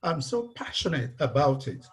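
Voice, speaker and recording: A man's voice: a little high, sing-song, normal speed. A man from Nigeria, speaking bluntly and emphatically on a video call and repeating his points. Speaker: webinar participant, engineer.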